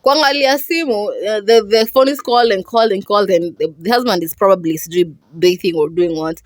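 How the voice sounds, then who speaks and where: A young woman with a Kenyan accent talks through a film plot in a loose, chatty podcast style, switching freely between English and Swahili. Her pitch sits mid-range for a woman, and her delivery is animated and expressive. The recording is close and dry, with no room sound. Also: fairly quick, no echo. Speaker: podcast host and movie reviewer. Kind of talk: casual podcast movie review.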